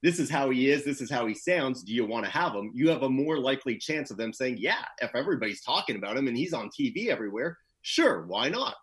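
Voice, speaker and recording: A man with a husky, slightly breathy voice, chatting as a guest in a relaxed interview. He talks loosely with plenty of fillers and grows more animated as his stories build. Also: medium pitch, fast talker, hardly any pauses. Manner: laid-back, animated when telling stories, many "you know" fillers. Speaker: guest, PR professional. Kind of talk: casual interview storytelling.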